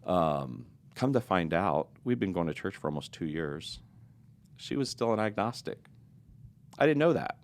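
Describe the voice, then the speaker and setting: During a podcast interview, a middle-aged man with a deep, expressive voice shares his own story at a moderate pace. He sounds earnest, confessional and reflective.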